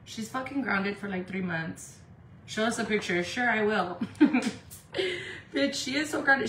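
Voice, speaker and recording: A woman from Indio, California, chatting casually on a makeup livestream from home, talking fast and loose, swearing freely and saying "like" a lot. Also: mid-range voice, a bit bright, far from the mic. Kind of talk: casual live-stream chat. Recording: echoey room with faint background noise.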